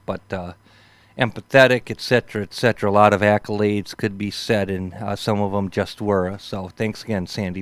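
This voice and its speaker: Fifties male host, relaxed storyteller, deep-ish resonant tone, dry recording. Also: smooth, dry recording. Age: 50s. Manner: laid-back, peppered with "man" and "for sure". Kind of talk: rambling casual storytelling.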